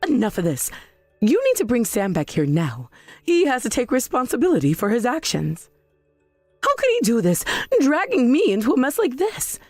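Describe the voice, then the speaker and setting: A woman's voice: on the high side, huge pitch swings, normal speed, darkish tone, dry recording, soft background music, heavily acted. A woman playing an indignant, self-righteous mother. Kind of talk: scripted drama voice-over.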